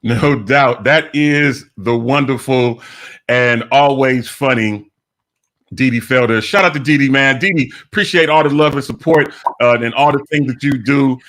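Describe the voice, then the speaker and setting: A man's voice: medium pitch, normal speed. Upbeat man hosting live radio. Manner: animated, giving shout-outs. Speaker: radio show host. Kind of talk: casual live radio chat.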